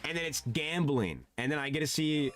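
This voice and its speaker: A man streaming a game, chatting casually and sounding animated and flustered, his voice jumping high and dropping low. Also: moderate pace, soft background music. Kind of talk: casual live-stream chat.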